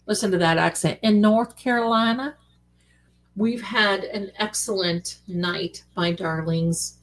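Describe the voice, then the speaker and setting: Chatty woman hosting a livestream. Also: medium pitch. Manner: chatty, animated, calls viewers "my darlings". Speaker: livestream host. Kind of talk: casual late-night livestream chat.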